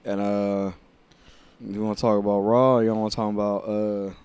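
A young man co-hosting a casual wrestling podcast, rambling through recaps in a relaxed way. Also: lowish voice, moderate pace, clean tone, no echo. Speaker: podcast co-host.

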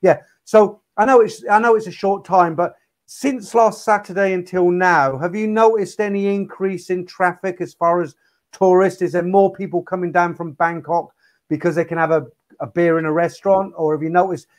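High-voiced inquisitive male guest. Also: steady tone, moderate pace. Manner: inquisitive, hesitant restarts. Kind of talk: casual chat.

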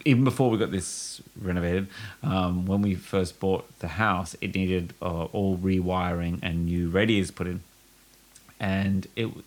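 A man telling a long rambling story on a casual podcast, with frequent restarts and bursts of laughter. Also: low-pitched. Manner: rambling, self-interrupting, giggly storyteller. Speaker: podcast co-host.

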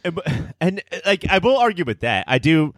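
Male podcast host, swingy animated delivery, dry close sound, rowdy and theatrical. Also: fairly high pitch, normal speed, no echo. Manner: boisterous, theatrical, swears freely. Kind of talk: casual movie podcast chat.

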